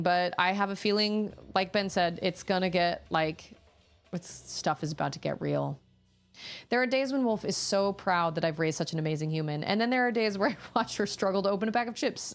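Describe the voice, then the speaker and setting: A woman in her thirties, a streamer, chatting casually and rambling with her viewers. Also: mid-range voice. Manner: rambling, chatty, with frequent restarts and laughter.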